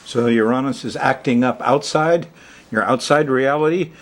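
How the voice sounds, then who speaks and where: A male astrology host talks straight to the viewer in a loose, chatty monologue. His voice sits at an ordinary middle pitch. He chuckles often and wanders off into side remarks. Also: moderate pace. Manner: chuckling, chatty, rambling asides. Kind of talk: casual monologue to camera. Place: Hawaii.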